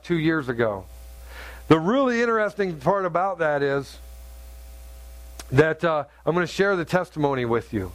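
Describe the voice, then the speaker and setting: A middle-aged man preaching a sermon, telling a story in an earnest, halting way with many restarts. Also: on the high side, dry recording. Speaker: pastor.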